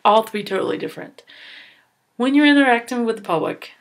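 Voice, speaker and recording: A woman's voice: a little high, brisk. Woman giving volunteer training. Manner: earnest, instructive, with fillers and restarts. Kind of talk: training presentation.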